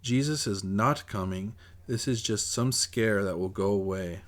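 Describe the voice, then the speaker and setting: A man's voice: on the low side, measured pace, few pauses, noisy background. A man reading his own novel aloud in first-person audiobook narration, in an earnest, plain way.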